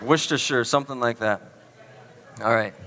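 A man's voice: medium pitch, moderate pace, pushed and bright. A man preaching a sermon to a live audience, chatty and self-deprecating, quizzing the crowd with questions. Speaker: pastor. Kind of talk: sermon with a playful word quiz. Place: church hall with an audience. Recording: long reverb of a large hall.

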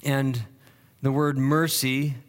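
A pastor delivers an expository sermon in a medium-pitched, flat, slow voice. He is earnest and seems to think aloud, frequently repeating words and raising his voice to emphasize key phrases.

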